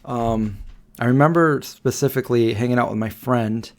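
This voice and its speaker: A man's voice: medium pitch, normal speed. A man in his forties hosting a live Q&A stream, telling a story in a rambling way with many fillers and restarts. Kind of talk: casual storytelling.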